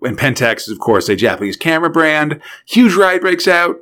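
A man's voice: a little high, sing-song, moderate pace, a bit bright. Laid-back man recapping a cartoon. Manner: laid-back storytelling with frequent fillers and laughs. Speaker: podcast co-host recapping a cartoon. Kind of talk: casual chat.

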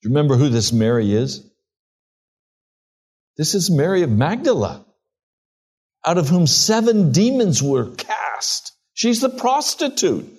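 Man, pastor, sermon, earnest, unhurried scripture storytelling, church. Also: fairly high pitch, sing-song, darkish tone, husky. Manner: slow, earnest storytelling preacher.

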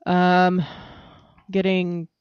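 A woman's voice: lowish voice, completely flat delivery, extremely slow, clear, resonant tone, no room sound, dull audio. A woman co-hosting a casual podcast, bantering and laughing often. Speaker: podcast co-host. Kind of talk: casual chat.

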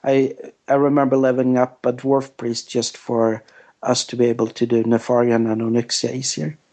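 A man from Sweden answers interview questions in a hesitant, plain-spoken way, often restarting his sentences. His voice stays flat and even throughout. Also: medium pitch, moderate pace. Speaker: game studio guest.

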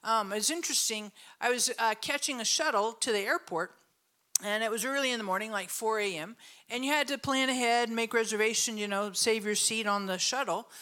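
A woman's voice: on the high side, brisk. A middle-aged woman pastor giving a conversational sermon, telling stories with lots of laughter and asking the audience questions. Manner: storytelling, animated, laughs often, asks the audience questions.

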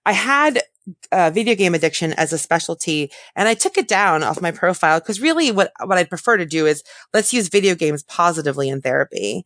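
A woman therapist answering interview questions in a thoughtful way, often pausing and correcting herself. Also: lowish voice, lively intonation, a bit bright, no room sound, studio quality. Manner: thoughtful, self-correcting, many fillers.

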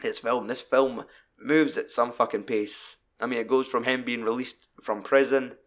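A Scottish man hosting a podcast, chatting casually about a film with lots of swearing and animated retelling. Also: medium pitch, moderate pace. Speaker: podcast host. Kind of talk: casual film review chat.

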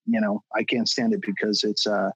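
A man's voice: on the low side, little pitch movement, moderate pace, slightly rough, no room sound, low-quality recording. Blunt, profane man ranting. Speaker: podcast guest, fitness trainer. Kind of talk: casual podcast chat.

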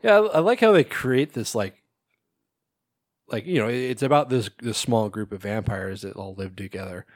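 A man co-hosting a podcast, chatting casually about films, swearing freely, laughing often and filling pauses with "like" and "um". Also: medium pitch, expressive, dry recording, clean studio sound. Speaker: podcast co-host. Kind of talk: casual film chat.

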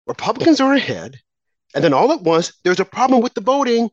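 A political commentator with a medium, sing-song voice pushes through an impassioned monologue at a brisk clip. Phrases get repeated, rhetorical questions pile up, and opponents are mocked in quoted asides. The lo-fi audio is a bit dull and has no echo.

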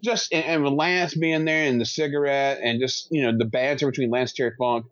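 A man's voice: medium pitch, steady tone, a little fast, fairly bright tone, no echo. Enthusiastic man, dull dry recording. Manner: enthusiastic, laughs along. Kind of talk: casual podcast chat.

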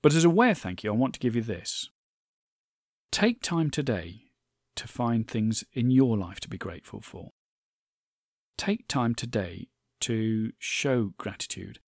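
A man's voice: medium pitch, lively intonation, a little slow, gravelly, no echo, clean studio sound. A man hosting his own podcast solo, speaking earnestly and thankfully, with chatty asides and small stumbles over names. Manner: earnest, thankful, reads listener reviews aloud. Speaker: podcast host.

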